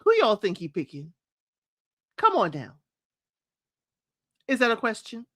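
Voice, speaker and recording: A woman's voice: fairly high pitch, a little slow, dry recording, clean studio sound. A middle-aged woman, chatting casually and playfully about a reality show and acting out quotes. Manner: animated, playful, acts out quotes, addresses viewers as y'all. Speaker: show recap host. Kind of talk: casual reality-TV recap chat.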